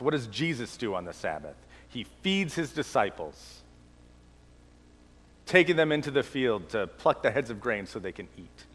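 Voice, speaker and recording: A male pastor with a cold, preaching a sermon and slowing down to stress key lines. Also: on the high side, a bit bright, big-room sound. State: has a cold.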